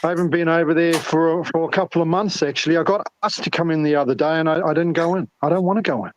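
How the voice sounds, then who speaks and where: A man's voice: fairly high pitch, steady tone, fast. A man with a New Zealand accent in a heated online voice chat, exasperated and repeating himself. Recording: dull lo-fi voice chat audio.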